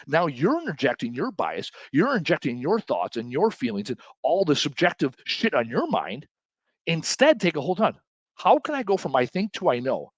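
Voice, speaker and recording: A man's voice: fairly high pitch, no room sound. A man hosting his own show, giving a casual motivational talk and acting out quotes from other people in his own voice. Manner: animated, acts out quotes in different voices. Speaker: host.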